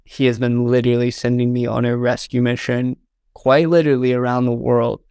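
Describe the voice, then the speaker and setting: Young guy from indiana telling a story, gravelly but smooth, dry close sound. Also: mid-range voice, little pitch movement, brisk, a little mellow, no room sound. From southern Indiana, US. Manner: earnest, fills with "like" and "um", gets choked up. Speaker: interview guest, videographer. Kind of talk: heartfelt storytelling in a podcast interview.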